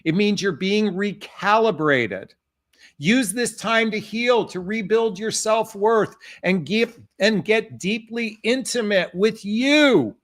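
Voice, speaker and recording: A middle-aged man giving dating advice straight to camera, impassioned and emphatic, often calling his viewers "folks". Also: sits high. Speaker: dating coach. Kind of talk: direct-to-camera advice talk.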